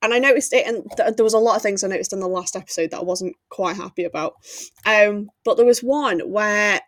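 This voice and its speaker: A woman's voice: medium pitch, a little fast, dry recording. A woman co-hosting a podcast in casual chat, laughing often as she talks. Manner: giggly, chatty, often laughing. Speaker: podcast co-host.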